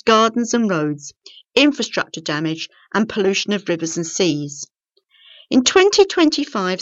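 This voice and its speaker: Lively woman reading local news. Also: medium pitch, no echo. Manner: clear, measured reading with lively intonation. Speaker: news reader and editor. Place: small local studio. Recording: dry, slightly dull studio recording.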